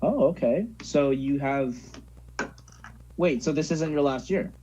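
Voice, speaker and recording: A teenage podcast co-host talks casually, teasing his buddy and rambling with frequent "like"s. His voice is medium-pitched and dark, a bit slow, and the dull lo-fi recording carries some hiss or hum.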